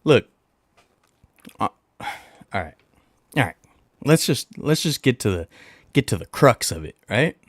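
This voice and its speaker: Speaking unhurriedly with frequent pauses, a man hosts a casual livestream and plays to his viewers with animated energy. He blows kisses into the microphone, repeats lines for emphasis and calls himself by name in the third person. His medium-pitched voice is slightly rough, with clean studio sound and no room sound.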